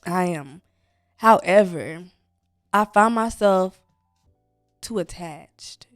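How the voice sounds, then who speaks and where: A woman's voice: fairly low pitch, slow pace, no room sound, clean studio sound, soft background music. A woman co-hosting a podcast, talking in a reflective, earnest way. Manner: reflective, earnest, speaks in spiritual terms. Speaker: podcast co-host. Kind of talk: casual chat.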